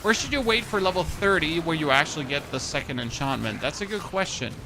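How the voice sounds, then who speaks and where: A man in his thirties with a German accent streams a game, chatting casually, joking and answering his chat. His voice is fairly high, animated and fast, with background noise and music playing behind him.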